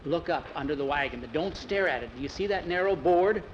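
A man voicing a calm, resourceful young man who speaks in a steady, practical, reassuring way. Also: a little high, brisk, close to an everyday voice. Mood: urgent. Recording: dull lo-fi, faint vehicle noise.

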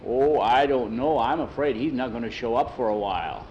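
A shifty stable hand, put on by a storyteller, talking in a gruff, sneering way. His voice sits a little raised and pushy. Faint noise behind. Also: mid-range voice, moderate pace, a little mellow, highs cut off, lightly acted.

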